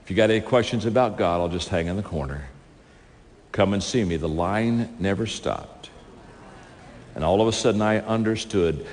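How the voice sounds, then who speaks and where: A man's voice: on the low side, darkish tone. A man telling a story from the stage in a sermon, acting out the dialogue with lots of animation. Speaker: speaker. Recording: reverberant hall, faint ambience.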